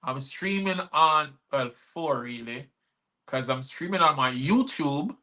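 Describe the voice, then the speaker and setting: A man's voice: on the high side, lively intonation, slow pace, bright, forceful tone. A man hosting a live-streamed show, talking in a rambling, earnest way with many fillers. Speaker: host and poet.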